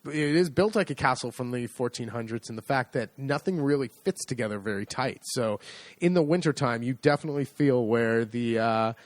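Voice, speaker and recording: A middle-aged man from the United States co-hosts a podcast in casual conversation, cracking dry, easygoing jokes. His medium-pitched voice moves briskly, and the recording sounds dry.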